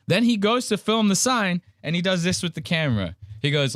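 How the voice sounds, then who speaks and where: A man's voice: high-pitched, very animated, a little fast, fairly bright tone, no echo, studio quality. A man hosting a podcast, mocking a video clip in casual profane chat. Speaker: podcast host.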